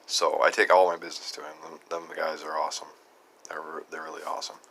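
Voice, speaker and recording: A man's voice: very deep voice, monotone, quick pace, fairly bright tone, slight background noise. A man chatting casually in a folksy, rambling way as he tells a story for his vlog. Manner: folksy, rambling, retells conversations. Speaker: channel host, chainsaw restorer.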